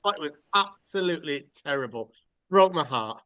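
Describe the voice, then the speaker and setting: A man's voice: on the high side, animated, moderate pace, bright, forceful tone, no echo. A man hosting a casual podcast chat, rambling through mock rants with jokes and the odd swear word. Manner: joking, rambling, swears freely. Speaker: podcast host.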